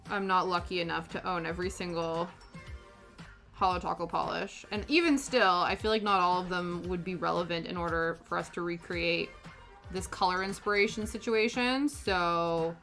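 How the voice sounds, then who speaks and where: A woman's voice: on the low side, creaky, a bit bright. A woman in her thirties chatting casually while painting her nails, rambling with lots of fillers. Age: 30s. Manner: rambling, filler-heavy storytelling. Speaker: nail-painting vlogger.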